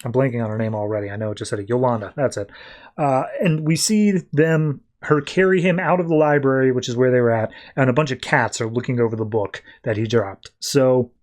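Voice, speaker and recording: A man's voice: mid-range voice, a little fast, a little mellow. A man hosting a podcast, recapping a comic book issue in a loose, conversational way full of "like" and "uh". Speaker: podcast host.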